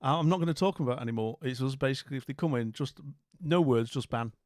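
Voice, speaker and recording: A man's voice: mid-range voice, fast, a little mellow, no room sound, clean studio sound. A middle-aged man with a Scottish accent hosting a livestream, chatting casually, telling a story and reading chat aloud. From Scotland. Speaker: livestream host.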